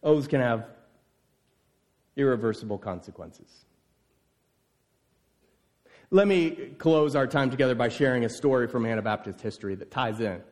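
A man preaching a sermon, telling a scripture story with lively, voiced exclamations. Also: medium pitch, normal speed, long pauses.

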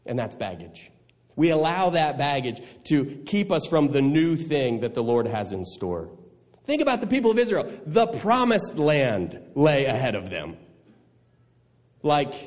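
A man preaching a sermon, animated and laughing at times, swinging between loud and hushed delivery. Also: medium pitch, long reverb tail. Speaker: pastor.

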